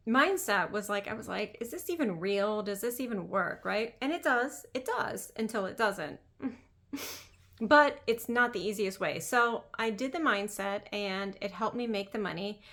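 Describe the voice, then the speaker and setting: A woman's voice: medium pitch, vocal fry, fairly bright tone. A woman business coach talking in a casual monologue, emphatic and chatty, repeating phrases and saying "like" often.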